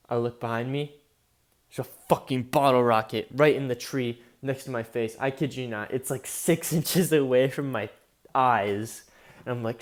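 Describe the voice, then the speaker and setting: A man's voice: mid-range voice, moderate pace. A young man telling a long personal story in a casual vlog, rambling with lots of fillers and swearing. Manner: rambling, heavy on fillers and profanity. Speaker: vlogger.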